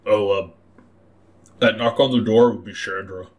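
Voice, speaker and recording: A man narrating a tabletop role-playing game as game master, describing scenes in a halting, repeating way. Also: lowish voice, fairly even intonation, a little mellow.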